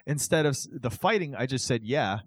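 A man's voice: mid-range voice, expressive, a little fast, slightly rough, no room sound. A man co-hosting a podcast, chatting casually and animatedly retelling scenes, acting out the quotes. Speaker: podcast co-host. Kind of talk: casual chat.

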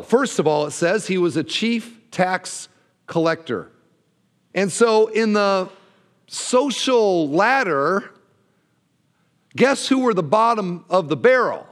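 Animated preaching man in a reverberant hall. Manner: animated preaching, voice dropping low at phrase ends. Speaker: pastor. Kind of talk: sermon.

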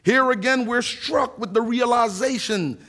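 A man who is a pastor, preaching a sermon with earnest rhetorical questions and reading scripture aloud slowly for emphasis. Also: very high-pitched, pushed and bright.

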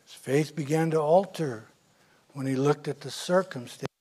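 A male pastor preaching a sermon, retelling scripture stories with big swings from loud to soft. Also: on the high side, moderate pace, husky. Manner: storytelling, dramatic swings in loudness.

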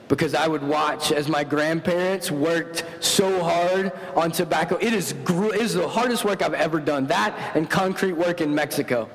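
A man preaching a sermon, telling stories with animated, self-mocking humor. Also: moderate pace, few pauses. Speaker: pastor. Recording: long hall reverb with faint rumble.

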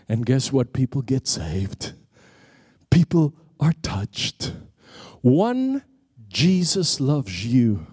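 A middle-aged man from South Africa preaching a sermon, telling a story and building to excited peaks before dropping into a hushed prayer. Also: medium pitch, husky, no room sound, clean studio sound.

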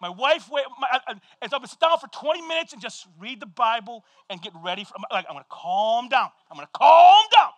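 A middle-aged male pastor giving a sermon, telling a story with lively energy and shouting at the high points. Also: dry recording. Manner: animated storytelling, shouting at peaks, quick asides.

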